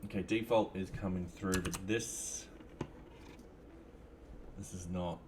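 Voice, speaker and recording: A man's voice: low voice, fairly even intonation, takes it slowly, background noise. A man live-streaming his coding, chatting casually and thinking aloud with lots of fillers. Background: faint music and keyboard typing.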